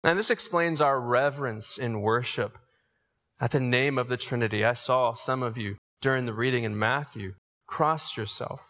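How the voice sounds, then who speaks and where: A man's voice: medium pitch, normal speed, bright, forceful tone. A man preaching an earnest sermon to his congregation, building to emphatic calls. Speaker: pastor. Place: church sanctuary. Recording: long reverb of a large church.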